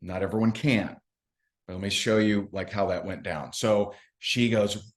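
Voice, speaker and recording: Brief: male sales trainer with a lowish voice, casual storyteller who jokes about himself. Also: unhurried. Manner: chatty, self-mocking, acts out quotes. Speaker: network marketing trainer.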